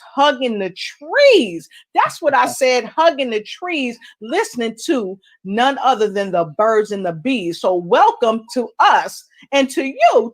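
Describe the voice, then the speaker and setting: A woman hosting a talk show, playfully hyping up each guest with rhymes as she introduces them. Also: a little high. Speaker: host.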